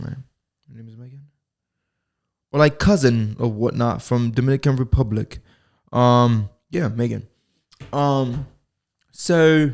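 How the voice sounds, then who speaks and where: Speaking in a mellow, gravelly voice of medium pitch, a U.S. podcast host talks by himself into a mic at home. His casual solo monologue is rambling, profane, and full of jokes.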